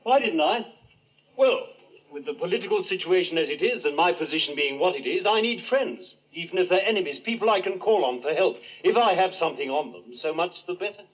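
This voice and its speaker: A scheming revolutionary official weighs every word. His voice sits high, with the dull sound of old television. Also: animated. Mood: calculating. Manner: measured, calculating. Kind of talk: 1960s television drama.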